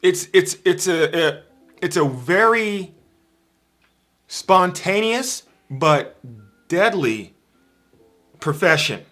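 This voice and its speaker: A man's voice: on the high side, sharp tone. A man giving an informal livestream sermon, emphatic and repeating his key phrases. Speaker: preacher on a livestream.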